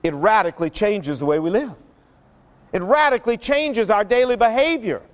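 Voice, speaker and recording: Male pastor, earnest sermon, very high voice, long echo. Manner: earnest, emphatic, repetitive. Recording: long hall reverb.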